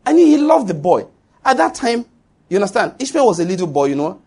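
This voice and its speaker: Male preacher, middle-aged, emphatic, higher voice with a husky edge. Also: big pitch swings, fast, mellow. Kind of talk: sermon.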